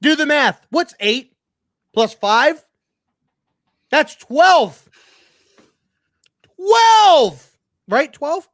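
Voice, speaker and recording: Angry high-voiced man, sports show host, slow and dry-sounding, profane and emphatic. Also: expressive, a bit bright, dry recording. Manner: emphatic, repeats lines, profane. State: angry and frustrated. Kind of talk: heated sports rant.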